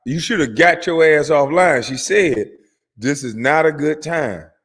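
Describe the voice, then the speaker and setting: A man's voice: fairly high pitch, unhurried, a bit bright, husky, big-room sound. A man giving heated reaction commentary, profane and mocking as he rants at someone. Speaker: host reacting to a clip.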